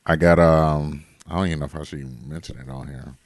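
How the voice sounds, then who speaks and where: A man's voice: very deep voice, steady tone, fast, darkish tone. A man co-hosting a podcast, talking in a laid-back, joking way and cursing casually. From Detroit, USA. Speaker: podcast co-host. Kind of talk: casual chat.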